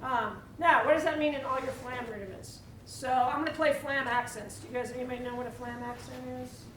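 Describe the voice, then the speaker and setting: A woman leading a percussion clinic for students in a school hall, energetic, asking the room questions and demonstrating. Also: high-pitched, brisk, over loud music. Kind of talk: teaching a drum clinic to students. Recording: echoey hall, mic at a distance, drumming behind.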